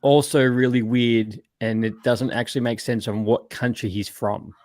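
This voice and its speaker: A man's voice: mid-range voice, fairly even intonation, normal speed, darkish tone, no room sound. A man hosting a podcast, chatting casually over a video call in a rambling, ranty way, with some swearing. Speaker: podcast host. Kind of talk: casual chat.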